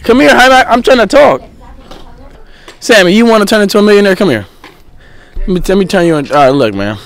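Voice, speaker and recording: A man's voice: sits high, animated, fairly quick. A young man vlogging outdoors at night, joking and teasing while filming on a handheld phone. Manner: joking, teasing, laughing often. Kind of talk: casual prank vlog.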